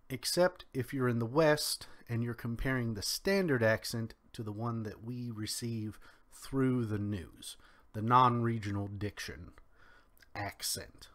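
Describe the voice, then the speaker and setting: A young man with a faint Kentucky twang giving solo spoken commentary in a measured, drawn-out way with pauses. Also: medium pitch, a bit bright. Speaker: commentary podcaster.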